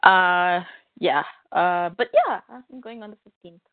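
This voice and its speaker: Woman podcast cohost telling a story, animated, tinny phone sound, dry. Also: on the low side, slow pace, no room sound. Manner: animated storyteller, acts out quotes. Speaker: podcast co-host. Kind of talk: casual chat.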